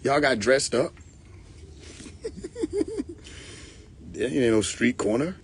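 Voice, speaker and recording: A man's voice: mid-range voice, expressive, takes it slowly, slight background noise. A young man hosting a casual live stream, mocking and profane, often breaking into laughter.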